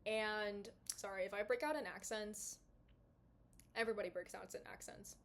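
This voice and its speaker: A woman's voice: mid-range voice, fairly even intonation, normal speed. Chatty young woman rambling in her bedroom. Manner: chatty, rambling, full of fillers and asides. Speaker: podcast host. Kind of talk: casual talking-to-camera chat. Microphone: small clip-on mic.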